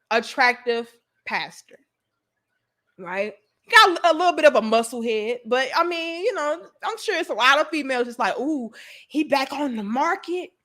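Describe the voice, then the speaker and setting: A woman's voice: high-pitched, pushed and bright. A woman hosting a casual commentary show, talking straight to her viewers in a slangy, blunt, teasing way with some swearing. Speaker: host.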